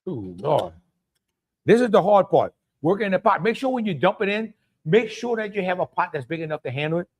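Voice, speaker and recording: A man's voice: sits high, big pitch swings, brisk. A middle-aged man with a Cajun accent hosting a live cooking stream, talking in a folksy way and greeting viewers by name. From Louisiana. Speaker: cooking show host.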